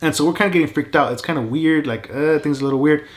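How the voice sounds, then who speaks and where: Animated man telling a story, fairly high voice. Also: rapid-fire. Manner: animated, emphatic, many "like" and "right?" fillers. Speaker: vlogger. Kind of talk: casual storytelling.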